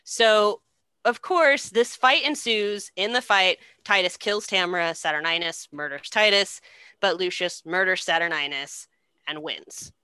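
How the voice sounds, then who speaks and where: A young woman recapping a story casually, animated and swearing, laughing often. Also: on the low side, a little slow, smooth, no echo.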